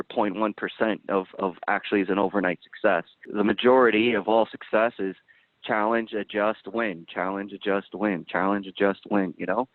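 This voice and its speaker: A man hosting a casual roundtable chat, talking in an animated, blunt way and swearing now and then, heard over a tinny phone-like line. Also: on the low side.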